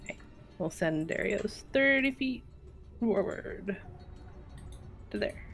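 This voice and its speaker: A woman playing a tabletop game, describing her moves slowly and deliberately. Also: medium pitch, lively intonation, vocal fry, a bit bright, faint music behind. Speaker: player. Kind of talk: casual tabletop game chat.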